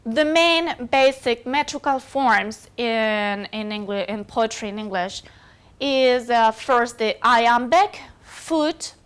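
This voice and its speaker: Woman teaching a uni class, slow n hesitant, lots of uh and um, highish voice. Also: lively intonation, clear, resonant tone. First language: Spanish. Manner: hesitant, many fillers and self-corrections. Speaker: university lecturer. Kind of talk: recorded lecture.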